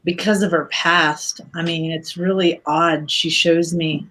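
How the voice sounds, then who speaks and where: A woman giving a psychic reading on a live stream, speaking slowly and carefully with clear emotion. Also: fairly low pitch, fairly even intonation, a bit bright, rough recording. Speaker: psychic reader.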